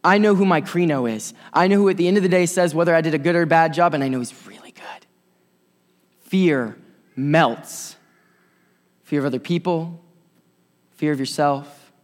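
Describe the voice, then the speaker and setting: A man's voice: fairly high pitch, normal speed, pauses often. Impassioned preacher man in a reverberant hall. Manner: impassioned preaching, swinging between loud and soft. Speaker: pastor. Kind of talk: sermon.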